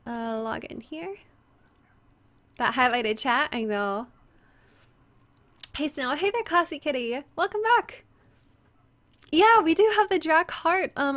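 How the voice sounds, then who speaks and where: A woman's voice: fairly high pitch, fairly bright tone. Chatty young woman with a strained voice. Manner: chatty, reads chat aloud, greets viewers by name, many "like" fillers. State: slightly strained voice, resting it. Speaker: game streamer. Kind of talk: casual livestream chat. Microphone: headset.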